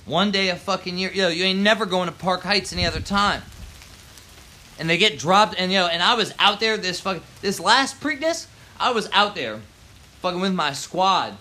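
Man, heated profane rant, bright tense voice, rain in background. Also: sits high, animated, normal speed. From Baltimore, USA. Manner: heated, swearing, slangy. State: angry. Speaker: local resident ranting.

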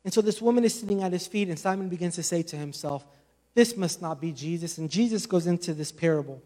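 A man's voice: high-pitched, quick pace, dark tone. A man preaching a sermon with passion, speaking conversationally and adding many casual asides.

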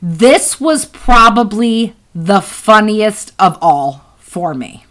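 A woman's voice: mid-range voice, expressive, takes it slowly, a bit bright, poor audio. A woman co-hosting a podcast, telling stories in casual chat, laughing often and swearing freely. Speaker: podcast co-host.

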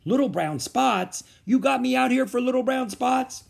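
A man's voice: very high voice, lively intonation, normal speed, gravelly, voice pushed up, full character voice. A man doing a fussy, exasperated teacher. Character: fussy middle-aged male teacher, easily put out.

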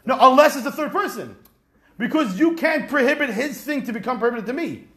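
A man leads a Talmud class in an animated, rhetorical way, acting out little scenes as he explains. His voice sits high and swoops widely. The room around him is echoey. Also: fairly quick. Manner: animated, rhetorical, acts out examples. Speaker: Talmud teacher.

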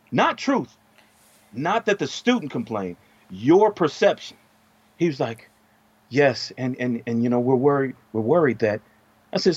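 Man, middle-aged, podcast co-host, casual storytelling, profane, animated, dry recording, slightly muffled. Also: mid-range voice, slightly rough, no echo. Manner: animated, profane, rises sharply when heated.

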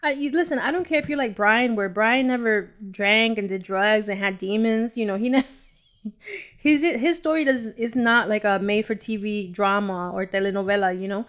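A woman's voice: medium pitch, moderate pace, a bit bright. A woman hosting a podcast, telling her personal faith testimony in an emotional, rambling way and talking straight to her listeners, sometimes dropping to a whisper. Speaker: podcast host. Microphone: audio-only home recording.

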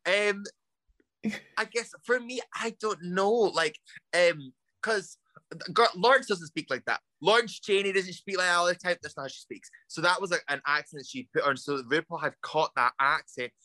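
A young Scottish man being interviewed as a drag performer, animated and quick to laugh, calling everyone "girl". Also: high voice, no echo. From Scotland. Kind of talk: casual interview chat.

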